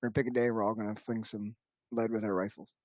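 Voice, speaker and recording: A man's voice: on the low side, little pitch movement, fast, darkish tone, no room sound, studio quality. A man co-hosting a hunting podcast, dropping wry quips between laughs. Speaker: podcast co-host. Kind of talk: casual podcast banter.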